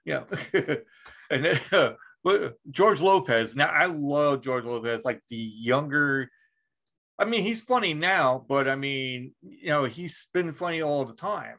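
Gravelly man hosting a casual podcast. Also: a little high, unhurried. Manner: profane, rambling, animated storytelling. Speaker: podcast host.

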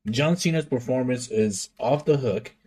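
A man co-hosting a casual podcast, speaking with eager enthusiasm and plenty of slang. He often doubles back and repeats words mid-thought, at an ordinary middle pitch. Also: normal speed, darkish tone. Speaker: podcast co-host. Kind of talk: casual chat.

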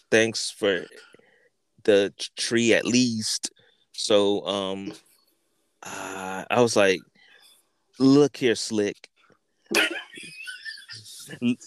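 A man hosting a podcast, telling a story in an animated, profane way, repeating words and acting out what people said. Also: fairly low pitch, smooth. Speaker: podcast host. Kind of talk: casual storytelling.

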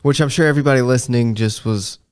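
An easygoing man co-hosting a podcast with a clear, resonant voice. He chimes in with short agreements and dry, wry remarks. His pitch sits in the middle of the usual range. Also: fast talker. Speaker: podcast co-host. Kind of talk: casual chat.

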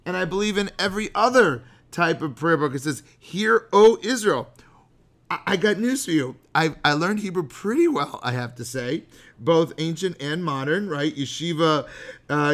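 A man's voice: a little high, expressive, moderate pace, fairly bright tone. A middle-aged man hosting a podcast as a rabbi, talking in a chatty, jokey, digressive way and sometimes chanting Hebrew prayer lines. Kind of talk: animated podcast sermon.

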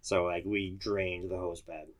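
A man's voice: sits low, level tone, a little slow. A man, a firefighter, recounting a call in casual chat, matter-of-fact and detailed.

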